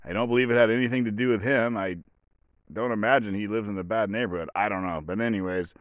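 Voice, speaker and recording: Man, low-pitched, rambling sarcastic monologue, dry close-miked sound. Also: fairly even intonation, fast, no room sound. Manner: rambling, sarcastic, with many restarts and fillers. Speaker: podcast host. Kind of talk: casual solo commentary.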